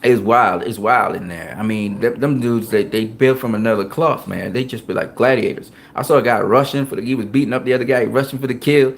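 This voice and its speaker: Profane, animated man telling gym stories. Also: mid-range voice, fairly quick, gravelly, hardly any pauses. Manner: profane, animated storytelling with frequent laughs. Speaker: boxing show host. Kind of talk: casual chat.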